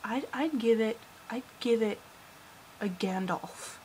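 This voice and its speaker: A teenage girl giving a casual, gushing film review vlog, rambling, dropping into whispers and then bursting out louder. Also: a little high, slow, slight background noise, low-quality recording. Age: teens. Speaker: vlogger.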